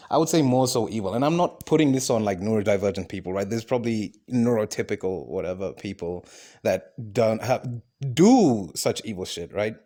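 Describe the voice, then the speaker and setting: A man's voice: fairly low pitch, darkish tone. A man hosting his own podcast, talking alone in a rambling monologue, swearing often, restarting sentences and asking "right?" as he goes. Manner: swearing, many fillers and restarts, asks "right?". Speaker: podcast host.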